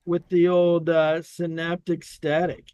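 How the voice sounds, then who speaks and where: A man playing in a tabletop game, relaxed and a bit hesitant as he talks. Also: fairly high pitch, slow pace, clean tone, dry recording. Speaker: player.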